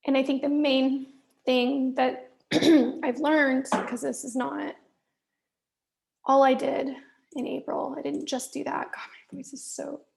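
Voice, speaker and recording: A woman talks herself through a business review at a slow, halting pace, her slightly high voice full of gravelly creak. She is angry and stressed, swears often, and sometimes sinks to a muttered whisper as she drifts from the mic. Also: little pitch movement, darkish tone. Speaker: solo business vlogger reviewing her own work. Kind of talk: candid solo business check-in.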